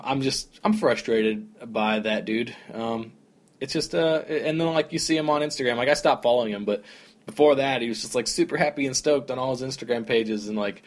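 A young man hosting a solo podcast, rambling casually with lots of "like" and "dude", in a relaxed, conversational way. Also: on the low side. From American South. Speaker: podcast host.

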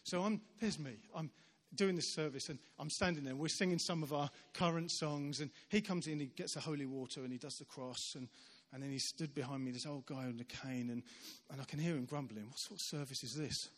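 A man's voice: fairly high pitch, brisk, hardly any pauses. Man preaching in a reverberant church hall. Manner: animated storyteller acting out quoted voices. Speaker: visiting preacher. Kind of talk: sermon storytelling.

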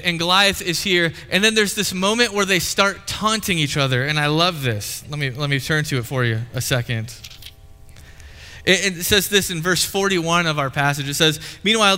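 A pastor with a high, pushed, bright and smooth voice preaches a sermon in a reverberant hall. He tells a story playfully and conversationally, acting out the quotes as a live demonstration.

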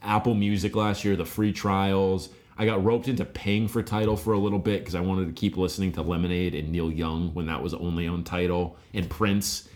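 A man's voice: low-pitched, steady tone, a little fast, hardly any pauses, darkish tone. A young man co-hosting a music podcast, laid-back and blunt, swearing casually. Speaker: podcast co-host. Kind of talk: casual chat.

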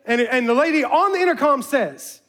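A man telling a personal story in a lively way, often turning to ask his listeners if they follow him. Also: extremely high pitch, brisk. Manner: lively, addresses listeners directly.

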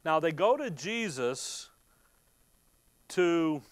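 This preacher's voice sits a little high and swings widely in pitch as he speaks very slowly, with no room sound at all. Moving through scripture one verse at a time, he stops to explain, asks questions only to answer them, and repeats the starts of words when emotion takes hold.

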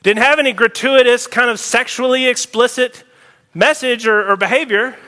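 High, bright-voiced preacher man, animated. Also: moderate pace. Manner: animated, emphatic preaching with sudden loud outbursts. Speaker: pastor. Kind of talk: sermon. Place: church sanctuary. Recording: long hall reverb.

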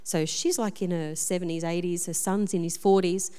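A woman pastor preaching a sermon, telling personal stories in a lively, self-deprecating way. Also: on the low side, moderate pace, smooth. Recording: long reverb of a large hall.

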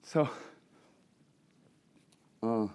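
A man preaching a sermon as pastor, moving between soft, confiding asides and loud, fervent preaching, often asking the congregation questions. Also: extremely slow. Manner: swings from quiet, intimate asides to loud, impassioned preaching.

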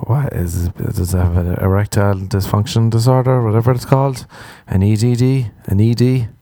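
Deep-voiced Irish man ranting profanely. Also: fairly even intonation, brisk, warm tone, dry recording. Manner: profane, exasperated, sarcastic ranting. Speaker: podcast host. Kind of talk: comedic solo podcast rant.

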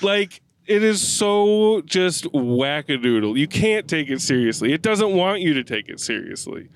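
A man co-hosting a podcast, chatting casually about a movie in an animated, laughing way and swearing freely. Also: on the high side, measured pace, smooth, no echo. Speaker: podcast co-host. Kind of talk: casual movie review chat.

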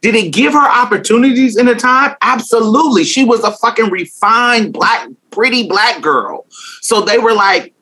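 A woman's voice: on the high side, lively intonation, moderate pace, pushed and bright, husky. A young woman talking candidly in an interview, blunt and emphatic, swearing freely and laughing often. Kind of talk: candid casual conversation.

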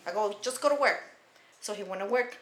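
A woman's voice: mid-range voice, fairly quick. A woman co-hosting a podcast, telling a family story in casual chat, swearing freely and acting out the people she quotes. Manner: profane, animated, acts out quoted people. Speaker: podcast co-host. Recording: echoey room.

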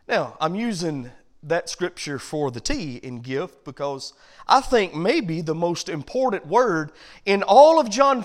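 Man preaching, very high voice, quiet stretches rising to loud emphatic lines. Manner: builds from low quiet passages to loud emphatic points. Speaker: pastor. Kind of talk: sermon.

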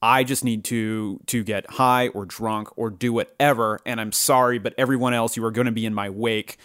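A man's voice: medium pitch, fairly even intonation, fairly bright tone, clean tone, dry recording, studio quality. Frank, emphatic male podcast guest. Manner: frank, emphatic, quick bursts. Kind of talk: candid conversational chat.

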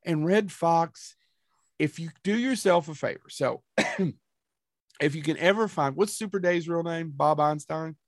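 A man's voice: a little high, a little slow, dry recording, clean studio sound. A man co-hosting a podcast, chatting casually in a rambling, tangential way with some profanity. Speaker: podcast co-host. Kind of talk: casual chat.

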